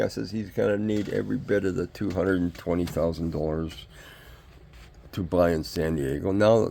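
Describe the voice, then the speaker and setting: A man's voice: low-pitched, vocal fry, dark tone. An older man, ranting in a rambling vlog monologue full of rhetorical questions. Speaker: vlogger.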